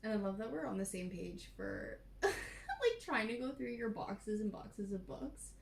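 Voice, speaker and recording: A woman co-hosting a casual podcast, joking, swearing lightly and laughing loudly. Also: medium pitch, normal speed, creaky, echoey room. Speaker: podcast co-host. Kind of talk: casual chat.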